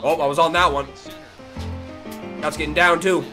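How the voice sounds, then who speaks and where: Male gamer host, slightly high voice, runs live play-by-play of his own game, curses freely, mutters then yelps, clear game music underneath. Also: normal speed. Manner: excitable, swearing, swings from mutters to yelps. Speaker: gaming video host. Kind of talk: live gameplay commentary.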